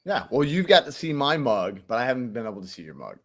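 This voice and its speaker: A laid-back man chats as co-host on a live talk stream. His voice is mid-pitched and easygoing, with a relaxed, friendly looseness in how he talks. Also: fast talker. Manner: laid-back, says dude and man a lot. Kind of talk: casual chat.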